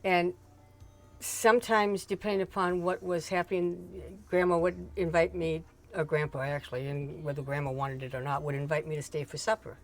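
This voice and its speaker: A woman's voice: low voice, steady tone, moderate pace. An older woman, a mother, telling family stories in a chatty, rambling way with frequent laughs and asides. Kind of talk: casual storytelling chat.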